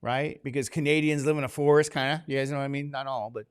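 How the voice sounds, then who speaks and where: A man's voice: medium pitch, steady tone, fast talker, smooth. A man teaching a class, who jokes and keeps asking his students questions, drowsy from medication. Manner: joking, asks the class many questions. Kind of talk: classroom lecture.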